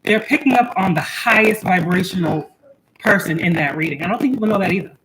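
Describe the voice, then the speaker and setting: Chatting casually on her channel from home, a young spiritual reader laughs as she speaks to her children. She has a fairly low voice and quick pace, with crowd noise and poor audio quality.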